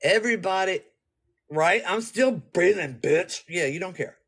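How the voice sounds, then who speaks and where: Husky, lively-voiced blunt woman. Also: fairly low pitch, measured pace. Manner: blunt, profane, acts out her own reactions. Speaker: vlogger. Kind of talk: casual talk to camera.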